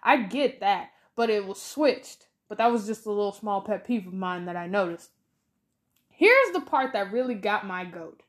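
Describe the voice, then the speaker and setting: A woman co-hosting a podcast, chatting casually about a movie, animated and exasperated as she rants. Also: medium pitch, normal speed. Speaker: podcast co-host. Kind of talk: casual movie review chat.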